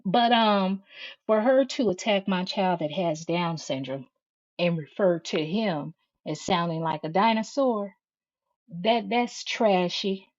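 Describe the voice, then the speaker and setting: A woman's voice: on the low side, slow, muffled recording. A woman hosting a live stream, reading viewer comments and firing back at critics in a confrontational way, calling her listeners "baby" over and over.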